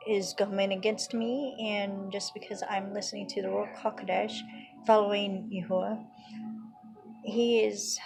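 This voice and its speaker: Slow earnest woman giving a faith teaching. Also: mid-range voice. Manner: earnest, retells prayers and quoted dialogue. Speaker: religious teacher. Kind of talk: personal testimony teaching.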